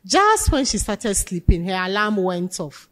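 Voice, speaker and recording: A woman's voice: medium pitch, big pitch swings, a little slow, fairly bright tone. A woman teaching a leadership class, emphatic and asking her students questions. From Ghana. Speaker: lecturer. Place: lecture hall. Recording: long hall reverb.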